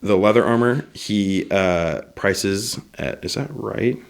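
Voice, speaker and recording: A man acting as game master, narrating a tabletop game in a relaxed, matter-of-fact way. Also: on the low side, slow.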